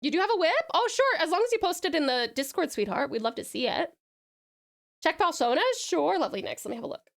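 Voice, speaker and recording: A woman's voice: high-pitched, expressive, fast talker, creaky. A woman with an Australian accent chatting casually on a live stream, reading chat aloud and calling her viewers darling and sweetheart. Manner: demonstrates purring and rolled R's.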